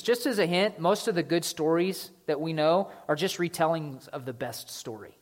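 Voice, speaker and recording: A male pastor preaching a sermon in a casual, conversational way, slipping into lively voiced asides. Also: fairly high pitch, normal speed, hardly any pauses.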